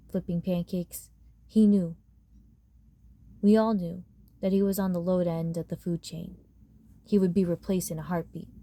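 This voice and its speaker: A woman narrating a novel chapter aloud, giving the quoted characters lively voices. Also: mid-range voice, no echo. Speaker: audiobook reader. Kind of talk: storybook narration.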